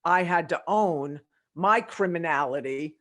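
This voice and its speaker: A woman's voice: fairly low pitch, a little slow. A middle-aged woman, a leadership consultant, talking in a podcast interview and acting out conversations as she tells stories. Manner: animated storytelling with quoted dialogue.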